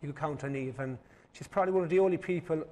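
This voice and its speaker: Irish man on a panel, slightly high voice, measured, lots of ums. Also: mellow. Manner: measured, hesitant, many ums. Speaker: panel guest.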